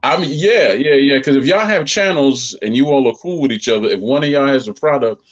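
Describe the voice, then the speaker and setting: A man's voice: medium pitch, fairly quick, muffled recording. A man from Jamaica chatting casually and at length on a livestream. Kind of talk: casual chat.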